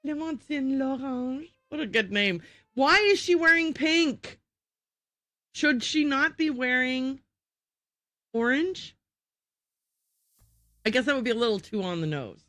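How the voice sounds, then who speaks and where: A woman's voice: sits high, animated, measured pace, pauses often, bright, forceful tone, dry recording. A woman game streamer chatting live to her viewers, giggly and self-deprecating. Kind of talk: live gaming commentary.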